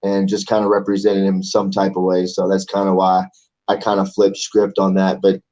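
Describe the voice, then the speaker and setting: A man's voice: sits low, monotone, normal speed, dark tone, dull audio. A man in his forties, a fighter guest in a casual interview, talking in a loose, rambling way and swearing casually. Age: 40s. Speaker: amateur MMA fighter, guest.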